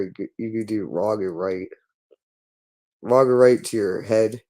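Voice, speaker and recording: A man's voice: on the low side, dark tone. A man speaking in a hostile, repetitive monologue, berating someone and swearing constantly. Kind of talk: angry monologue.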